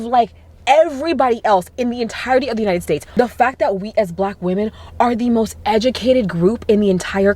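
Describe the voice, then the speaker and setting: A young woman vlogging casually to camera, gushing and animated, with lots of fillers and exclamations. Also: fairly high pitch, no echo. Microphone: camera mic.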